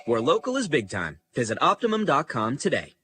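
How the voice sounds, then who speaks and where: An actor playing a tech worker posing as a detective in a scripted radio ad sketch. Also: male voice, medium pitch, huge pitch swings, a little fast, pushed and bright, faint music behind. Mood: explaining.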